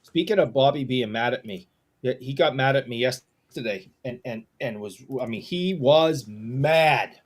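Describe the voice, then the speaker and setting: A man co-hosting a casual podcast who tells stories in an animated, mock-apologetic way. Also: mid-range voice, unhurried. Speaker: podcast co-host.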